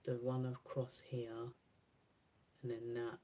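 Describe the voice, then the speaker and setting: A woman's voice: a bass voice, monotone, slow pace, mellow. A woman beauty creator chatting casually through a makeup swatch demo, musing aloud and correcting herself as she goes.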